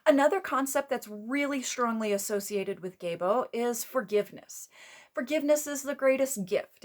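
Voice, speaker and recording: A woman hosting her own channel and giving a casual, rambling lesson, with fillers and self-corrections along the way. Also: a little high. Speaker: host. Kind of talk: casual teaching talk.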